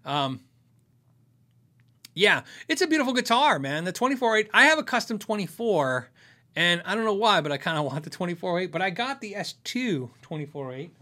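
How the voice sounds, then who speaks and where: A man's voice: high-pitched, sing-song, a little fast, sharp tone. A man hosting a casual live chat, reading viewer questions aloud and rambling candidly, with frequent self-interruptions. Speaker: host of a gear channel livestream.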